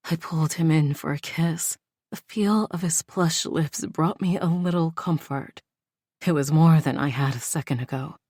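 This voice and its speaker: A woman giving a steady, even reading of first-person romance audiobook narration. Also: deep voice, normal speed, husky, no echo, clean studio sound.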